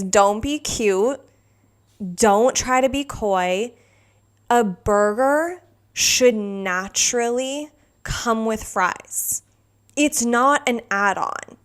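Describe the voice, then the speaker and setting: A woman hosting a solo podcast, venting in a loose, exasperated rant. She swears freely and talks in an animated, chatty way, with a mid-range voice. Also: mid-range voice. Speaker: podcast host.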